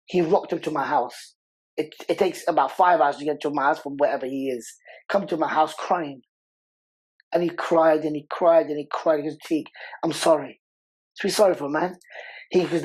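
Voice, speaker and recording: A podcast guest talks through an emotional interview with raw passion, repeating words over and over to stress his points. His voice is husky and fairly high with a darkish tone, and he sounds earnest, heartfelt and conversational rather than rehearsed. The recording quality is low.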